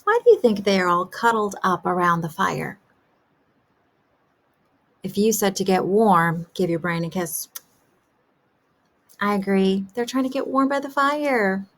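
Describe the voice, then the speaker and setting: Slow-talking kindergarten teacher, woman. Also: mid-range voice. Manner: gentle questioning to young children. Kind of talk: teaching a class remotely.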